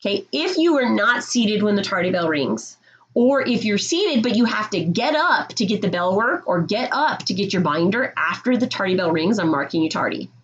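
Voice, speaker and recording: A woman's voice: medium pitch, lively intonation, normal speed, highs cut off. A woman teaching middle school, explaining classroom rules to her students in a firm, direct way and checking in with "okay?".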